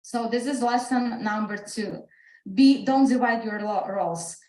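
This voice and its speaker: A woman's voice: fairly high pitch, measured pace, warm tone, roomy sound, poor audio. A woman with a Slovak accent telling an earnest personal story on a video call, her English full of restarts. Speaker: speaker. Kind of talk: motivational talk on a video call.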